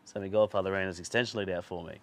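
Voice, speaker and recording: A man's voice: low-pitched, steady tone, racing. A man hosting a podcast, telling a long, rambling anecdote in casual chat, swearing freely and laughing through his stories. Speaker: podcast host.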